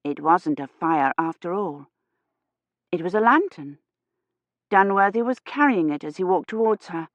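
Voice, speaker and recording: A woman reading a science fiction novel aloud in a measured, steady narration. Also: fairly low pitch, dry recording, highs cut off. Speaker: audiobook narrator. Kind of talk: scripted narration.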